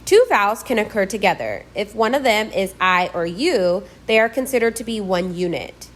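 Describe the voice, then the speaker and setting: Woman, scripted language lesson read aloud, deliberate and clear, models each sound slowly. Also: mid-range voice, expressive. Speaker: language teacher.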